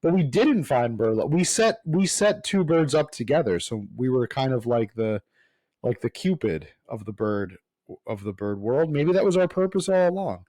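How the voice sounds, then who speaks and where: A man's voice: mid-range voice, animated, dark tone, no echo. A man co-hosting a casual podcast, rambling and restarting his sentences as he explains. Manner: rambling, halting, restarts often. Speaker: podcast co-host.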